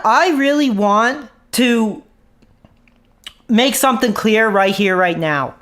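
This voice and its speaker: A man's voice: high voice, slow, a bit bright. A man streaming an angry rant into his own mic, swearing, mocking and then apologizing for his language. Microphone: own desk mic.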